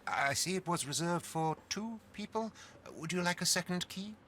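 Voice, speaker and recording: An actor playing a courteous, formal hotel receptionist in a video game. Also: male voice, high voice, animated, normal speed, sharp tone, a little hiss or hum. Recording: game audio with faint ambience.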